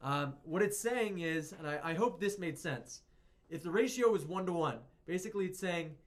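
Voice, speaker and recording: A man's voice: on the high side, animated, normal speed. A man giving a casual, rambling lesson on music production, often correcting himself as he goes. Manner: chatty, rambling, self-correcting.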